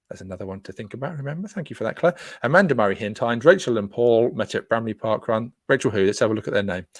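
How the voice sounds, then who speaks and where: A man's voice: fairly low pitch, no room sound, clean studio sound. A man hosting a casual live stream, reading out viewer comments in a chatty, playful way. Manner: chatty and playful, jokes with listeners. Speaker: host.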